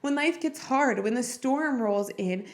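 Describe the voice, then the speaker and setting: A woman's voice: high voice, expressive, a little slow. A woman hosting a podcast, speaking in a heartfelt, personal and encouraging way about faith and marriage. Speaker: podcast host. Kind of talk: earnest faith-based marriage talk.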